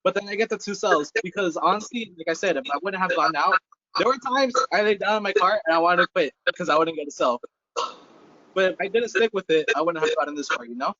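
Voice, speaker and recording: A man's voice: sits high, expressive, fast, sharp tone, dry recording. A young man telling his sales story on a team call, earnest and rambling. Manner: earnest, rambling, lots of fillers. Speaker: salesperson being promoted. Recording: dull lo-fi call audio.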